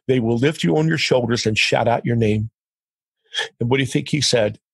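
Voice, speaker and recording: A husky, gravelly middle-aged man recounts a story as a podcast guest. He acts out what others said as he goes. His voice sounds close and dry. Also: mid-range voice, moderate pace, no echo. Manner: animated, quotes others in dialogue. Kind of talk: storytelling in conversation.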